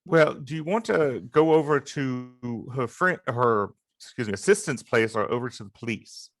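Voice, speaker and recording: A man's voice: mid-range voice, lively intonation, moderate pace. A man playing a tabletop game, hesitant and polite. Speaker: player. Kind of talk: casual tabletop play.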